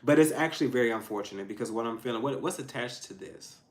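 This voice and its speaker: A man giving a casual tarot reading to his viewers, emphatic and frank, swinging between loud outbursts and low asides. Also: fast. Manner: frank and profane, addressing viewers directly. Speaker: tarot reader.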